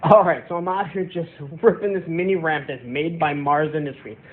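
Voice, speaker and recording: A man's voice: a little high, moderate pace, close to an everyday voice. A man playing a laid-back young skateboarder eyewitness who stumbles over his words. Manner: loose, stumbling, casual. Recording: tinny phone-like line.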